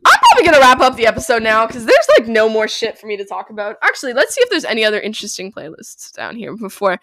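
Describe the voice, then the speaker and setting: Young woman, solo podcast host, rambling, giggly, bursts of squealing, higher voice, dry sound. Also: sing-song, quick pace, fairly bright tone, no echo. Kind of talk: casual solo podcast chat.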